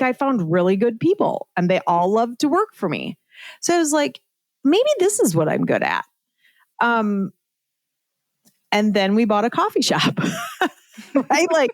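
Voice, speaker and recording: A woman's voice: on the high side, no echo. A middle-aged woman telling her story as a podcast guest in a casual, chatty way, full of "like" and "right?" and laughing at herself.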